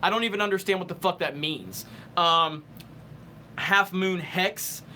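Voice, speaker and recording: A man's voice: high voice, measured pace, bright, forceful tone, slight background noise. A young man hosting a live stream, answering super chats in a heated, profane rant and stumbling over restarts while he thinks.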